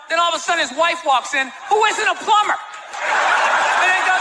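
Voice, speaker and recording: High-voiced guy ranting on stage, sarcastic and sweary, crowd laughing, noisy club. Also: normal speed. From United States. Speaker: stand-up comedian. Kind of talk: stand-up comedy set. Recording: live club with crowd laughing and room noise.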